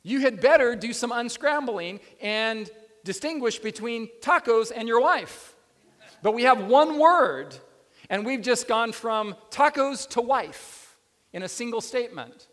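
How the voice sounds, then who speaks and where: Male preacher, sermon, expressive high voice, echoing church hall. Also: a little slow. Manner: animated, questioning the audience. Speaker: pastor. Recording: long reverb of a hall.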